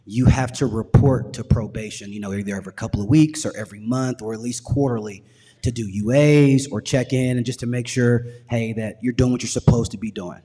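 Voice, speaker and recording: A man sharing his recovery story on stage, earnest and measured, with passion underneath. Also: mid-range voice, steady tone, warm tone. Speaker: guest speaker. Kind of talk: personal testimony. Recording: long hall reverb.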